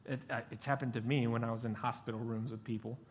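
A man's voice: mid-range voice, fast. A male pastor giving a sermon, telling stories and acting out the voices of the people in them. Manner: animated storytelling, acts out voices.

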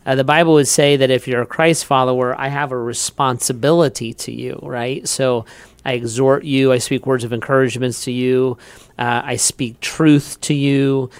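Measured man with a smooth, dry voice. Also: mid-range voice, steady tone, no echo. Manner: thoughtful, measured, with fillers. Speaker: pastor and co-host. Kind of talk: casual faith podcast chat.

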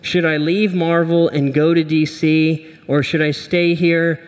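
A man's voice: a little high, level tone, unhurried, big-room sound, natural voice. A man voicing a grumpy, always-angry male superhero for a sermon illustration, with a growling, sulky delivery. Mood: grumbling.

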